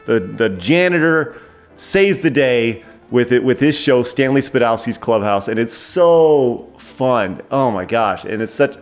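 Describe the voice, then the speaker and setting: A man chatting excitedly as a guest film reviewer, rambling with frequent restarts. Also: mid-range voice, measured pace, faint music behind. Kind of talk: casual film review chat.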